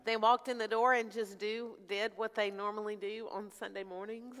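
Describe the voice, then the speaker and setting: A woman's voice: mid-range voice, flat delivery, moderate pace, fairly bright tone. A woman pastor leading prayer, heartfelt and informal, close to tears. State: near tears. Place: church sanctuary. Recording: hall reverb with faint music.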